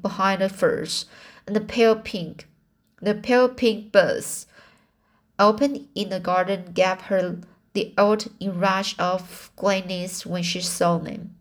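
A woman reading a classic novel aloud as audiobook narration, slowly, often restarting words and correcting herself. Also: mid-range voice. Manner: slow, with frequent restarts and self-corrections. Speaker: audiobook reader.

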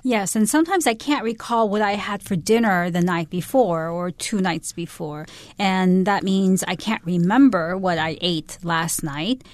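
A woman co-hosting a radio English lesson, breaking down words step by step in a clear, methodical way. Her voice has a middle pitch, and the studio sound is close and dry. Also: a little slow, few pauses, dry recording. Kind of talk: explaining vocabulary and grammar.

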